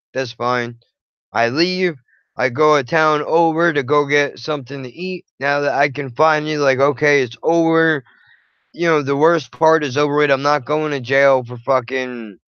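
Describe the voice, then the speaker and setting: A young man with a bright, forceful and crisp voice tells a personal story bluntly, swearing freely and speaking his mind. The sound is dry but a little dull and lo-fi. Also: on the high side, no room sound. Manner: blunt, profane, frank. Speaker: channel host.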